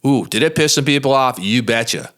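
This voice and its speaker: A man's voice: medium pitch, fairly quick, fairly bright tone. A man, a lawyer hosting his own show, telling a story in a blunt, folksy, emphatic way in a monologue podcast. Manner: plain-spoken and blunt.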